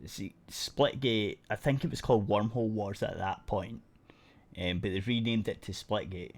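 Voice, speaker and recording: A man with a fairly low voice chats casually on a podcast. He rambles through a gaming story, often restarting his sentences and dropping casual swear words. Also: fairly even intonation, moderate pace. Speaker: podcast co-host. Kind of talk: casual chat.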